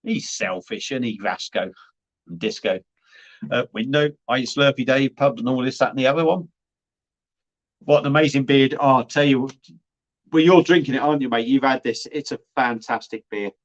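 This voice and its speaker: A man's voice: mid-range voice, moderate pace. Blunt man on a lo-fi livestream. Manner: blunt and chatty, swears freely. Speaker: beer reviewer and livestream host. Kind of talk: casual livestream chat, reading viewer comments. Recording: dull lo-fi livestream audio.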